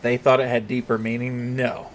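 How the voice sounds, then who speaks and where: A man's voice: medium pitch, normal speed, faint music behind. A young man with a Southern US accent and a slight twang, chatting casually and cursing freely while streaming a game. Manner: relaxed, rambling, swears freely. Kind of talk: casual chat while gaming.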